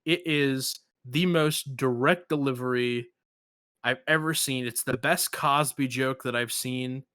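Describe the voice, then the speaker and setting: A man hosting a casual podcast, with a bright, forward tone. He retells jokes with animated energy, acting out the lines. The sound is close and dry, with no room around it. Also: medium pitch, unhurried, dry recording. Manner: animated storyteller, acts out quotes. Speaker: podcast host.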